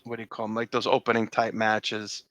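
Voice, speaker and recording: A man's voice: fairly low pitch, completely flat delivery, a little fast, a bit bright, poor audio. A middle-aged man recalling old times in a casual interview, rambling with many fillers and restarts. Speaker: interview guest.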